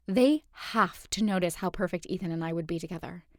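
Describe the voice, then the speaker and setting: A woman reading aloud voices an excitable, nosy teenage girl who gushes and squeals. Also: fairly low pitch, brisk, no room sound, clean studio sound, lightly acted. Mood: gushing. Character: chatty excitable young woman, teenage friend.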